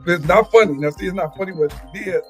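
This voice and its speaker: A man's voice: high voice, fast, faint music behind. A man co-hosting a morning show, telling stories casually and chuckling along. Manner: storytelling, chuckling.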